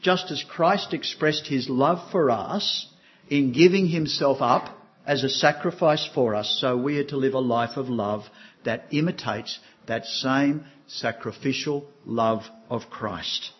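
Older male pastor, earnest sermon voice, mid pitch, muffled lo-fi sound. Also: measured pace. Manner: earnest, asks the congregation questions.

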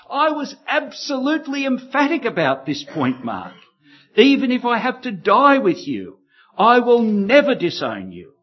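Husky, animated male preacher. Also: sits high, lo-fi sound. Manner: emphatic, contrasting lines in rhythmic pairs. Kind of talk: expository sermon.

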